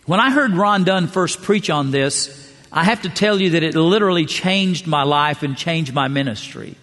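A middle-aged man preaching a sermon, telling stories with measured pauses. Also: fairly high pitch, lively intonation, fairly bright tone. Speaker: pastor. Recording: long church hall reverb.

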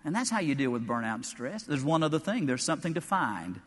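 A preacher delivering a sermon with animated storytelling, building to emphatic peaks. His voice is bright and forceful, pitched a bit high for a man. Long hall reverb trails every line. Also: quick pace.

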